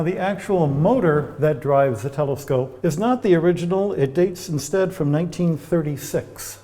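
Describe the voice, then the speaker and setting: A man's voice: a little high, warm tone, long reverb tail. A man guiding a tour of old observatory telescopes, explaining with chatty anecdotes. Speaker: observatory guide. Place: inside old observatory domes.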